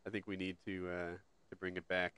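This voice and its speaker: Man, low voice, casual podcast host, dry close sound. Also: monotone, a little fast, pushed and bright, clear, resonant tone, no room sound. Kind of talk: casual streamed podcast chat.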